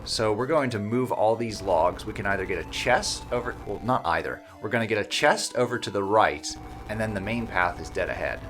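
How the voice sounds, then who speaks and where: A man's voice: lowish voice, a little fast, few pauses, background noise. A man hosting a video game playthrough, explaining the game in casual, jokey banter. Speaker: let's play host.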